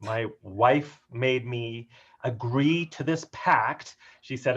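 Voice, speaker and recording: A man giving an upbeat, joking talk on workplace humor during a video call, with an animated and playful delivery. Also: mid-range voice, slow pace. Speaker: keynote speaker on workplace humor. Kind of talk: upbeat webinar talk with jokes. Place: home office on a video call. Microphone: video call mic. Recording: dull lo-fi video call audio.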